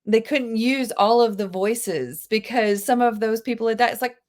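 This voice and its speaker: A woman teaching a live online English class, animated and chatty, with gasps and quick asides to her students. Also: fairly high pitch. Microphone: video call.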